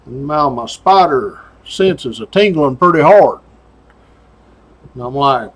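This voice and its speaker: A man's voice: medium pitch, lively intonation, slow pace, long pauses, breathy edge. A middle-aged man, casually telling a story about his days as a state trooper in a folksy way. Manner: folksy drawl with "doggone" and chuckles.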